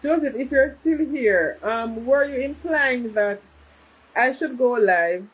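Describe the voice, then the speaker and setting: Husky woman chatting on a livestream. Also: high voice, expressive, takes it slowly, muffled recording. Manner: chatty, reads out viewer comments, switches to patois. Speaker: livestream host. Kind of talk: casual live chat with viewers.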